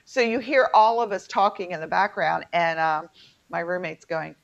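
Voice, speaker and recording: This co-host, a middle-aged woman with an Appalachian mountain twang, spins chatty stories with lots of fillers in a casual conversation. She has a lowish, creaky voice at a moderate pace, heard through muffled lo-fi audio.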